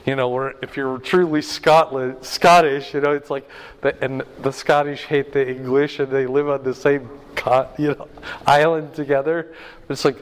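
A man's voice: high voice, fairly bright tone, clean tone. A man teaching a Bible class in a conversational way, often checking in with his listeners by asking "right?". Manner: chatty, keeps checking in with "right?". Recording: long reverb of a large hall.

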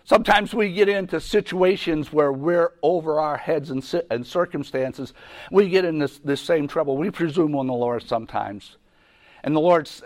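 A man teaching a Bible lesson in a conversational way, often repeating himself and restarting sentences. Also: a little high. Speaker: preacher.

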